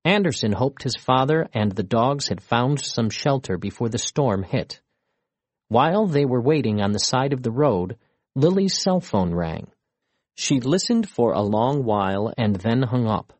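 Expressive male storybook narrator. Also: mid-range voice, a little slow, no room sound.

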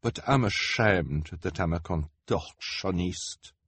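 A man voicing a shy, sad young woman who sighs and talks in a soft, self-pitying way. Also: low voice, takes it slowly, slightly rough, no echo, full character voice. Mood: mournful.

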